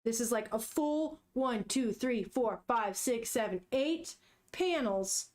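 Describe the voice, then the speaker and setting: A woman's voice: on the high side, slow pace. A young woman vlogger chatting casually and laughing often as she reads a manga aloud. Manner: chatty, giggly, animated reactions. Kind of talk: casual chat.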